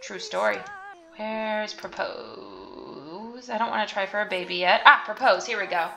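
A woman's voice: medium pitch, animated, unhurried, sharp tone. A young woman vlogger giving casual, chatty commentary while playing a life-sim game, giggling and swearing when surprised. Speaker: gaming vlogger.

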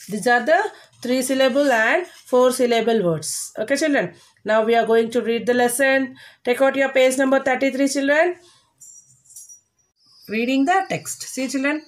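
High-voiced woman teaching children. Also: reverberant. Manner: spells out words letter by letter, stretches syllables slowly; repeats "children" and "see", coaxing. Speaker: primary school teacher. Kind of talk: classroom lesson.

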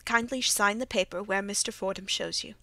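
Woman putting on a gruff old colonel. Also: medium pitch, steady tone, fairly quick, sharp tone, dry recording. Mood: grave. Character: fierce, quick-tempered reclusive old male colonel.

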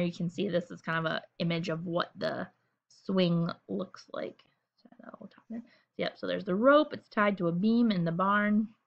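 A woman reading a children's storybook aloud at bedtime, gentle and expressive, with chatty asides. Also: fairly low pitch, creaky, lo-fi sound.

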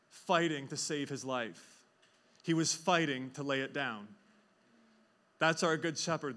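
Energetic male preacher telling a story. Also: a little high. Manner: animated storytelling with quick put-on voices and asides. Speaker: pastor. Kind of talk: sermon.

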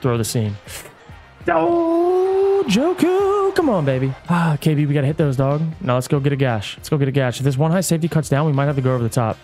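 A man giving hyped, excitable commentary on his own football video game play, coaching himself and yelling at big plays. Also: mid-range voice, racing, few pauses, faint music behind. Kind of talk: hyped live gameplay commentary.

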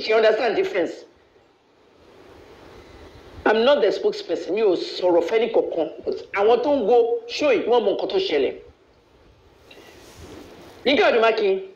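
A man from Nigeria hosting a live video, ranting in a blunt, boastful way and switching freely between languages. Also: sits high. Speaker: live-stream host. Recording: echoey, dull live-stream audio.

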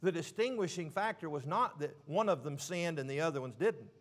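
A man preaching a sermon, stressing words slowly and dropping suddenly to a hush. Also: on the high side, lively intonation. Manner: emphatic, with slow drawn-out stresses and sudden quiet drops.

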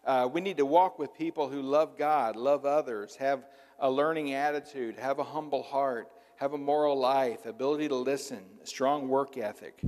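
A man's voice: mid-range voice, moderate pace, a little mellow. A middle-aged male pastor from southern Illinois with a slight Southern accent, preaching in a folksy, conversational way full of filler words. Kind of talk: sermon. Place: church sanctuary. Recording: reverberant church hall.

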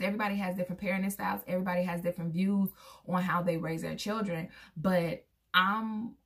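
Candid woman vlogger talking to viewers. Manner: candid, talks straight to viewers; acts out quoted voices with big pitch jumps. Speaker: parent of a son. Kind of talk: casual opinion vlog.

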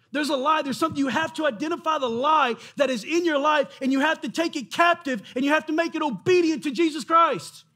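A man preaching a sermon in a church, impassioned and often shouting, acting out the voices of doubters. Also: very high-pitched, fairly quick, hardly any pauses. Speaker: pastor.

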